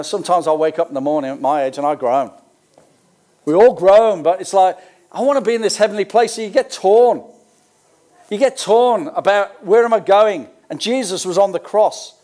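An older Australian man preaches with a notably high-pitched voice. He reads scripture aloud, then drifts into relaxed, homespun asides to his congregation, keeping the sermon conversational. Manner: conversational, with folksy asides between scripture readings. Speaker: pastor.

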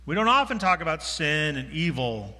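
A male pastor with a very bright, slightly high voice, preaching in a casual, self-deprecating way. His words ring out with a long reverb through a church sanctuary. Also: sing-song, normal speed. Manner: self-deprecating, conversational, with restarts. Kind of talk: sermon.

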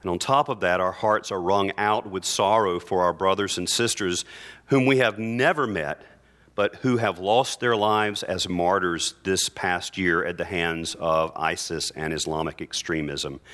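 A middle-aged priest preaching a sermon in church, earnest and heartfelt, sinking soft and low in grief and rising to emphatic declarations. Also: male voice.

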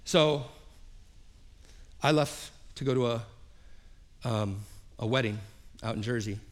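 A man's voice: medium pitch, slow pace. A man preaching a sermon as pastor, telling a personal story and acting out the quoted dialogue, often repeating his phrases. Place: church service.

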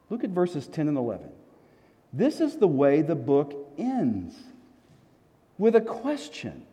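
A pastor preaching a sermon, telling a story with animated, emphatic repetitions. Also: male voice, fairly high pitch. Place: church sanctuary in a desert city. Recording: long reverb of a large hall.

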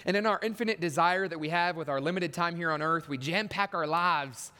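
Man, preacher, sermon, fairly high voice, storytelling, punchy emphasis, long church reverb. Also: brisk, pushed and bright, clean tone.

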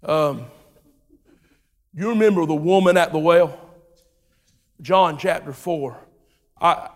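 A man preaching a sermon, telling a story in a relaxed way, acting out its voices and building to shouted preaching. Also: on the high side. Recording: long hall reverb.

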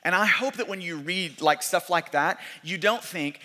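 A man's voice: high voice, normal speed, few pauses, bright, forceful tone. A man, a pastor, preaching a sermon in a conversational way, often repeating and restarting his words. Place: church sanctuary. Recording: long church hall reverb.

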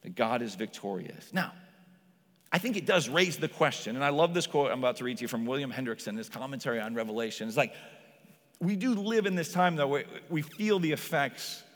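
A slightly high-voiced man preaching in a loose, conversational way, often dropping "like" and playing out quoted voices. His voice rings through a church hall with a long reverb tail. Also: fairly quick. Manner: acts out quoted voices with lively shifts. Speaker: pastor. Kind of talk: sermon.

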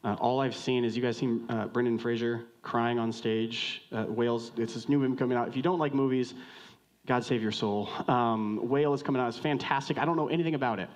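A man preaching a sermon in a conversational, joking way, swinging from loud outbursts to hushed lines and questioning the congregation directly. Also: medium pitch, fairly even intonation, a little fast. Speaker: pastor.

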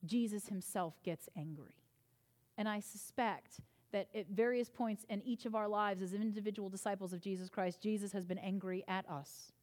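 A woman pastor delivering a sermon in church, earnest and emphatic, rising in intensity and then easing into softer, reassuring passages. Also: mid-range voice, normal speed.

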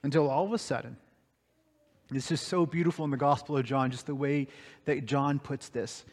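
A man preaching a sermon, telling a story dramatically and swinging between hushed, slow passages and raised, excited ones. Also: medium pitch, in a large hall. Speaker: pastor.

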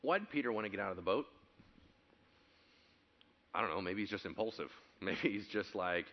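A male pastor preaching a sermon, telling stories animatedly, acting out quotes and building to loud excited passages. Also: fairly low pitch, normal speed, long pauses, muffled recording.

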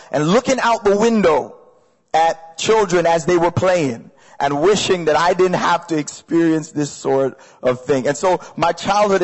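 A man with a fairly high voice preaches a sermon, energetic and conversational. He drives points home by repeating short phrases and speaking straight to the listeners. The sound carries a long reverb from a large hall. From Canada. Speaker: pastor. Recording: echoey hall.

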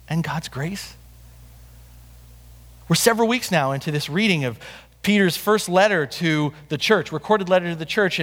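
A male pastor delivers an earnest sermon, his pitch rising and falling animatedly, sitting a little above most men's. Phrases sink low at the end, and a long reverb trails each line through a large church. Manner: earnest preaching with falling cadences at phrase ends.

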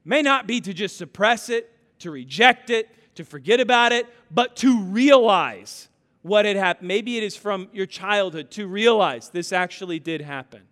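A man's voice: high-pitched, expressive, moderate pace, fairly bright tone. A man preaching a sermon, telling stories with emphasis and acting out family members' voices. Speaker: pastor. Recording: hall reverb.

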